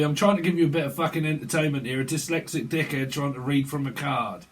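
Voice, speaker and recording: A man's voice: a little high, fast. A man giving a rambling, joking tarot reading, swearing and laughing at himself. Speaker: tarot reader. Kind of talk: casual tarot reading monologue.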